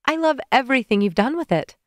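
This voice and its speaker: A woman's voice: high voice, lively intonation, fast, no echo, clean studio sound, voice pushed up. A woman doing a teasing, scolding young wife. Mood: warm.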